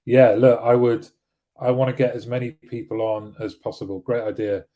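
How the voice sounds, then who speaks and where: A man hosts a live weekly show in a relaxed, chatty way. His voice sits at an ordinary middle pitch with a mellow, dark tone. He rambles a little and restarts often. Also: normal speed. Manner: rambling, frequent restarts and fillers. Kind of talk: casual live-stream talk, reading viewer comments.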